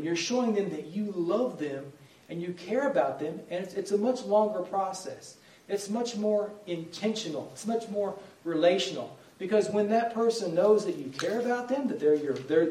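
A man's voice: fairly high pitch, warm tone. A middle-aged man preaching a sermon, earnest and conversational, repeating key phrases for emphasis. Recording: echoey room, voice from far off.

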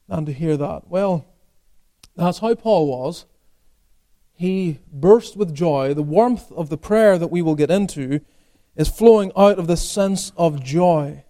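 A pastor preaching a sermon, asking rhetorical questions and answering them, swinging from emphatic peaks to quiet asides. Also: male voice, a little high, slow.

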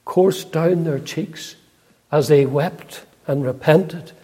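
An older man preaching a sermon in a church, earnest and unhurried, with frequent hesitant pauses. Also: fairly high pitch, warm tone, husky. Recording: long reverb in a large hall.

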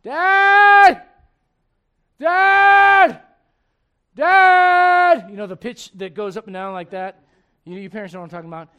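A man's voice: sits high, fairly even intonation, quick pace, smooth, dull audio. A middle-aged man preaching a sermon, acting out quoted voices and laughing at his own jokes. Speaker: pastor.

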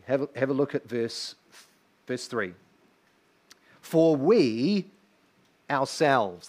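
A man preaching a sermon in church, emphatic and full of rhetorical questions to the congregation. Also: mid-range voice. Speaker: pastor.

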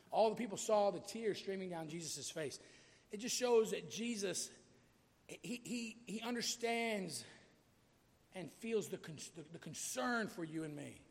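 A man's voice: sits high, expressive, moderate pace, in a large hall. A man preaching a sermon, talking casually to the congregation and rising to emphatic peaks. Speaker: pastor.

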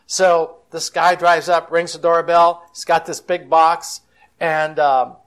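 A man's voice: a little high, flat delivery, slow pace, a bit bright, clean tone. A man speaking as a Christian counselor at a conference, telling stories in a folksy, chatty way and acting out the quotes. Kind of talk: storytelling conference talk.

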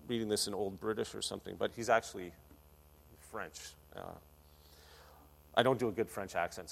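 A man preaching a sermon as a pastor, energetic and playful, with big swings in loudness. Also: on the low side, vocal fry. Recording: long hall reverb.

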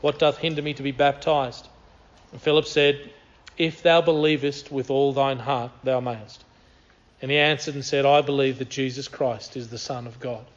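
A man's voice: mid-range voice, fairly even intonation, normal speed, lo-fi sound. A man preaching a sermon, reading scripture aloud and repeating key phrases with earnest emphasis.

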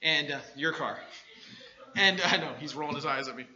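A man preaching a sermon, swinging between quiet asides and loud shouted bursts. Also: on the high side, fairly quick. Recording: dull lo-fi recording.

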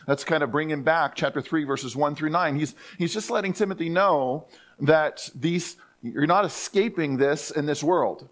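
Emphatic pastor preaching a sermon. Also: male voice, a little high. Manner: emphatic preaching, repeats words and restarts phrases; reads scripture aloud slowly. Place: church.

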